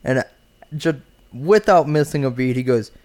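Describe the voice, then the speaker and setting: A man's voice: mid-range voice, moderate pace, a little mellow. A man in casual podcast chat who laughs easily and gives blunt opinions. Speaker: podcast co-host.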